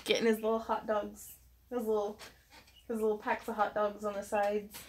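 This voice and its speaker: A woman's voice: medium pitch, completely flat delivery, moderate pace, a little hiss or hum. A woman hosting a casual craft livestream, chatty and giggly, reading viewer comments aloud.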